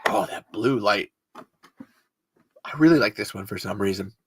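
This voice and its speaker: A man's voice: lowish voice, measured pace, fairly bright tone, husky. A man hosting a podcast solo in loose, rambling casual chat, swearing freely. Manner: rambling, swearing, self-interrupting. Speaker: podcast host.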